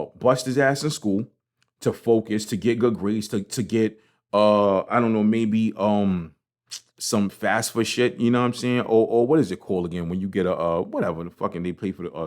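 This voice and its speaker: Guy doing a motivational podcast rant, kinda low voice, swears a lot, stumbles and repeats. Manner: passionate, profane, repeats himself. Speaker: podcast host. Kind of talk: casual motivational monologue.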